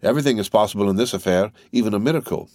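A man's voice: lowish voice, racing, darkish tone, no echo, studio quality, lightly acted. A man reading the part of an emotional young woman in an audiobook, eager and pleading.

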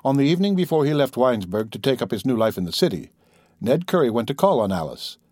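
A man reads a classic novel aloud as an audiobook narrator. His delivery is steady and measured, in a middle-pitched voice. The recording is dry and close, with no room sound. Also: no echo. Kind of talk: scripted narration.

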